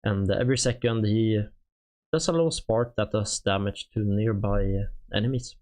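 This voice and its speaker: A native Swedish speaker with a Swedish accent and a lowish, darkish voice streams while reading through game units. His delivery is halting and casual, full of fillers.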